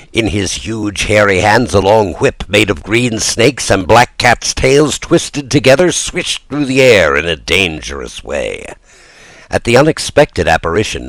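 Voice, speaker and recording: An audiobook narrator reads a children's classic in a low, resonant voice whose pitch rises and falls theatrically. The recording is close and dry, with no room sound at all. His lively, dramatic delivery gives the storybook reading real expression.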